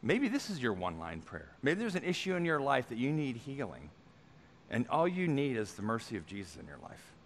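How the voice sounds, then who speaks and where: Male pastor, mid-pitched, preaching, animated and conversational, loud emphatic peaks with soft offhand asides. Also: fairly quick, slight background noise. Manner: conversational, thinks aloud with filler asides. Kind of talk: sermon.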